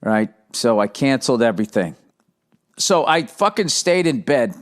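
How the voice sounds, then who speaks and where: A man in his fifties with a Boston accent, hosting a podcast with a profane, exasperated comedic rant and quick impressions of others. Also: medium pitch, big pitch swings. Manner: profane, exasperated, mimics others mid-story. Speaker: podcast host. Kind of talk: comedic ranting monologue.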